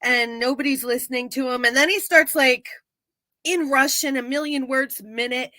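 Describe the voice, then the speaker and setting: A woman co-hosting a casual live-stream, retelling an episode in animated fashion and acting out quotes. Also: high voice, moderate pace, no echo. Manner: animated storyteller, acts out quotes. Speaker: podcast co-host recapping a TV episode. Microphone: live-stream setup.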